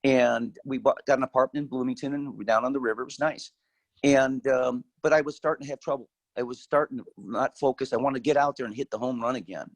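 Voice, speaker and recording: A man's voice: mid-range voice, fairly even intonation, fast talker, no echo, low-quality recording. An older man, a guest speaker, telling his life story in a candid, folksy way. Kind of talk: personal storytelling.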